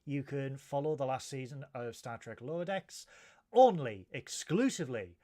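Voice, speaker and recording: A man's voice: mid-range voice, lively intonation, normal speed, mellow. A man co-hosting a casual episode review, rambling with lots of ums and laughs. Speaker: podcast co-host.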